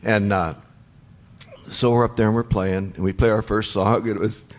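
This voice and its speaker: Animated older man telling stage stories. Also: fairly low pitch, moderate pace. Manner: animated storyteller, acts out quoted voices. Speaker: band member telling road stories. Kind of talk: onstage storytelling panel. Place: stage before a laughing audience.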